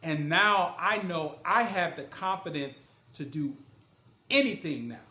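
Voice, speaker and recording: Guy with a fairly high voice telling his comeback story, earnest and punchy, roomy echo. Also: lively intonation, a little slow, pushed and bright. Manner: earnest and emphatic, retelling scenes with voiced quotes. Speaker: author and motivational speaker. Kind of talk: casual motivational storytelling. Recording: echoey room.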